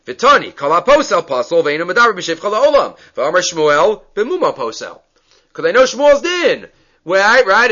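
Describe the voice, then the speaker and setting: A man's voice: high voice, sharp tone. A man teaching a Talmud class, reading and translating the text and acting out the dialogue with animation. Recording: dull lo-fi recording.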